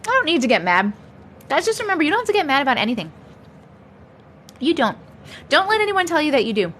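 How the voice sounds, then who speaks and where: A woman's voice: high-pitched, big pitch swings, fast, fairly bright tone, a little hiss or hum. A woman in her thirties hosting a casual live stream, reading chat and laughing often as she talks. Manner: laughs often, chatty and upbeat. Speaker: livestream host.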